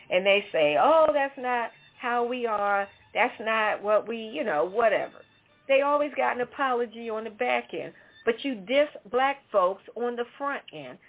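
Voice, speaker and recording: Husky woman on a phone line. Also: a little high. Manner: emphatic, indignant, conversational with asides. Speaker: talk show co-host. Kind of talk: opinion commentary segment. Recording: tinny phone-line audio.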